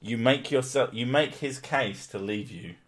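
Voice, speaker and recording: A man's voice: mid-range voice, measured pace, fairly bright tone. Male streamer, sarcastic and profane, joking at a desk mic. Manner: sweary, sarcastic, laughing often. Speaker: streamer host. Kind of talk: casual chat.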